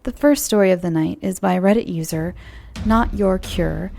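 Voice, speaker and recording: An American woman hosting a podcast and narrating horror stories in a soft, friendly way that sometimes dips into whispers. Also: lowish voice, moderate pace, creaky, soft background music. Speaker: host and storyteller. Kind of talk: calm horror story narration.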